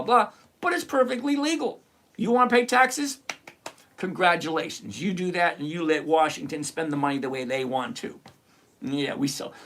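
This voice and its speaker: Here the stock-picking streamer's voice comes across high-pitched with a fairly bright tone. Sitting at his computer with charts in front of him, he's blunt and sarcastic, walking through the numbers like a chatty teacher.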